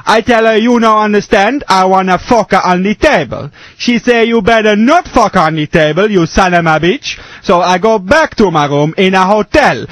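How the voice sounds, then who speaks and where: A man's voice: high voice, no room sound. A man voicing a bewildered Italian man abroad, telling a story in broken English with a mock Italian accent.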